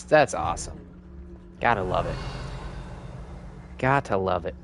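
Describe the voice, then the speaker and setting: Male streamer, low-pitched and gravelly, upbeat rambling commentary over a game. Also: expressive, measured pace, pauses often, faint music behind. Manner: chatty, upbeat, rambling asides.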